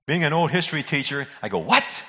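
A man's voice: medium pitch, lively intonation, moderate pace, fairly bright tone. An older man preaching a sermon in a folksy, conversational way, telling jokes and calling out to people in the pews. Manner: folksy joke-telling preacher who calls out to congregation members. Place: church sanctuary. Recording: dull recording in a reverberant hall.

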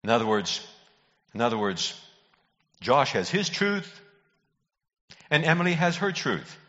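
Folksy older preacher in a reverberant church. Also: male voice, medium pitch, very animated, unhurried, fairly bright tone. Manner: folksy joke-telling preacher who calls out to congregation members. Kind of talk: sermon. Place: church sanctuary. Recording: dull recording in a reverberant hall.

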